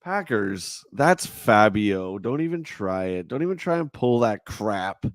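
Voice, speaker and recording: A middle-aged man with a nasal voice, hosting a casual morning livestream chat in a relaxed, chatty way. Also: lowish voice, a little slow, dry recording, clean studio sound. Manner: relaxed, chatty, laughs easily. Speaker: livestream host.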